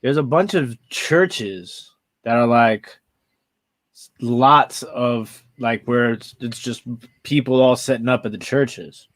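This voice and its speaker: A man's voice: mid-range voice, slow pace, no echo. A man co-hosting a reseller podcast, talking in a laid-back, rambling way that often repeats words. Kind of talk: casual chat.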